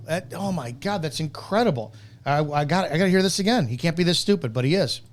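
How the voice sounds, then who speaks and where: A man's voice: fairly high pitch, lively intonation, fast, slight background noise. Blunt, ranting male police-show host. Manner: blunt, profane, indignant ranting with many restarts. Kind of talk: reacting to a played video clip with commentary.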